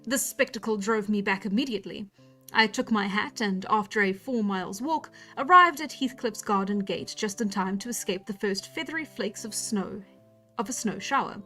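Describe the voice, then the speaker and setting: A woman's voice: medium pitch, normal speed, sharp tone, faint music behind. A young woman reading a novel aloud on a livestream, stopping now and then to comment on the text and laugh at herself. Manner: reads plainly, breaks off to comment and laugh at herself. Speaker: book reader on a livestream. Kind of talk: casual storytime read-aloud.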